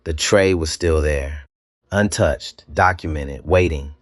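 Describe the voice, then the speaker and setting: A man narrating a dramatic scripted story, measured and slow, with deliberate pauses. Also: very deep voice, no echo, clean studio sound.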